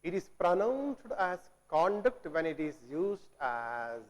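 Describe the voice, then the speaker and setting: A man teaching a grammar lesson. He repeats words, asks questions and answers them himself, and clears his throat now and then. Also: sits high, very animated, takes it slowly. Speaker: English teacher. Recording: long reverb, as in a hall.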